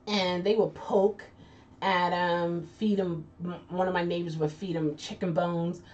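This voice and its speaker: A woman's voice: on the low side, little pitch movement, unhurried, darkish tone. Chatty woman on a distant lo-fi mic. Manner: chatty, laughs often, trailing restarts. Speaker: host. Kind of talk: casual chat reading viewer comments. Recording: distant lo-fi mic with faint noise.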